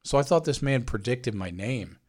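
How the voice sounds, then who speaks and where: A young man holds court in a casual podcast chat, spinning an anecdote with plenty of cursing. He slips into the voices of the people he quotes. His voice sits at an ordinary, mid-range pitch. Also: normal speed. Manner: animated storyteller, swears freely, mimics people he quotes. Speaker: podcast co-host.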